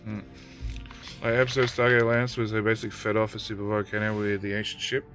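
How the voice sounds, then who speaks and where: Casual streamer, middle-aged male, bright forward tone, faint background music, talks to units and chat. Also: fairly low pitch, monotone, fast talker. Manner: talks to in-game units, banters loosely with chat. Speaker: game streamer. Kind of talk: live gameplay stream, chatting with viewers.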